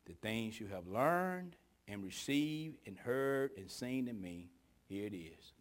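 A man preaching a sermon with dramatic storytelling, moving from hushed whispers to shouting. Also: on the low side, animated, takes it slowly.

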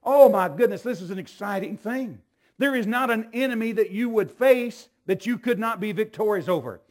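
A man preaching a sermon as pastor, swinging between low, slow teaching and loud, shouted exclamations. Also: animated.

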